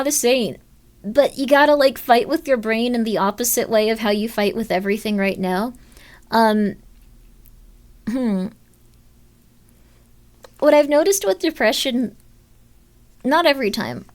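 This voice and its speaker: Casting: fairly high-voiced woman streamer, rambling and upbeat, fillers galore, squeals into excited mock voices. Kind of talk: casual chat with viewers.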